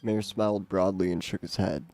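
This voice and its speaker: A man's voice: low voice, steady tone, moderate pace, mellow. A man reading a game novel aloud, doing the characters' voices and stumbling over words now and then. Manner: stumbles and repeats words, laughs at the text.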